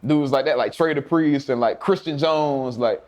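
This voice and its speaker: A man's voice: mid-range voice, normal speed, darkish tone, muffled recording. A young man telling laid-back, profane stories as an interview guest, often laughing and acting out his coaches' voices. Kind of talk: casual storytelling.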